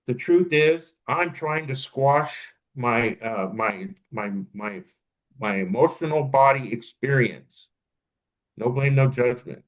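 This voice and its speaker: A man of middling pitch co-hosts a casual podcast conversation. He talks reflectively, thinking aloud and circling back to restart his sentences as he works through his point. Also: expressive, takes it slowly, poor audio. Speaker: podcast co-host.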